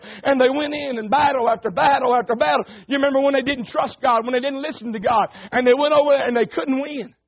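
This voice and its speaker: Man preaching, very high voice, folksy and emphatic, narrow phone-like sound. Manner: folksy and emphatic, calls on the congregation. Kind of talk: sermon.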